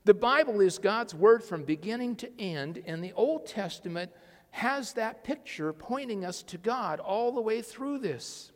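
A man preaching a sermon as pastor, animated and often asking the congregation questions. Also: sits high, unhurried. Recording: echoey hall reverb.

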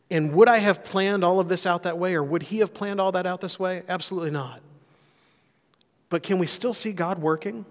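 Pastor guy giving a sermon, kinda high voice, big echoey church hall, earnest storytelling. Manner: earnest storytelling, rising intensity on key points. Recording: long hall reverb.

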